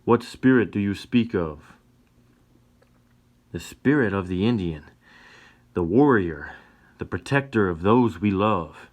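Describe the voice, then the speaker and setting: Male narrator voicing a young cowboy, earnest, raised voice, low-pitched base. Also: lively intonation, slow, long pauses. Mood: pleading.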